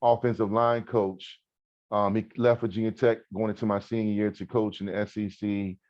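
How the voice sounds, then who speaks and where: Man, 40s podcast co-host; low voice, animated emphatic storyteller, dull dry lo-fi sound. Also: moderate pace, no room sound. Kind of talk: casual podcast chat.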